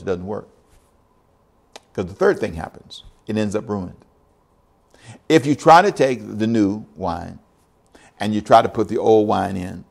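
A man in his sixties preaching a sermon as pastor, emphatic and repetitive, building to loud, high-pitched peaks. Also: gravelly. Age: 60s. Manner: emphatic, repeats phrases, rises to near-shouting peaks.

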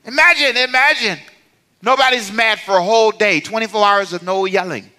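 A man's voice: high-pitched, a little fast, pushed and bright. A middle-aged man, a pastor, preaching a sermon in a playful, conversational way and calling on the congregation to respond.

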